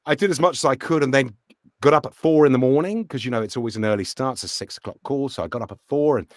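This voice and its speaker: A man's voice: medium pitch, fast talker, no echo, clean studio sound. A middle-aged man, an actor and voice actor, chatting casually as an interview guest and acting out voices as he tells stories. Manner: animated storyteller, acts out voices in anecdotes.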